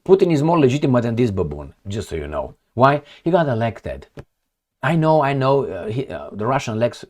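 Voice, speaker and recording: A man commenting on the news in a casual, mocking rant, swinging from loud emphatic bursts to low muttered asides. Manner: sarcastic and mocking, with scornful laughs. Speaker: political commentary vlogger. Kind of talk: casual rant over a map and articles.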